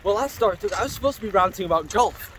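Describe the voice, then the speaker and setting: A man rambles through a story while out on a bike, swearing freely and nodding hellos to people he passes. His voice sits a little high for a man, and a faint hum of the outdoors runs underneath. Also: animated, racing, fairly bright tone. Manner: greets passers-by mid-sentence. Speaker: vlogger. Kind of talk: casual storytelling while cycling. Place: outdoors on a canal towpath, riding a bike.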